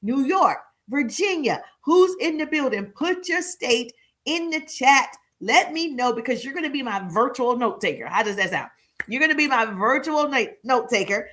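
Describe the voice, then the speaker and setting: A woman coaching her live-stream viewers on social media marketing, energetic and hype-style, calling out to the audience and repeating lines for emphasis. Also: sits high.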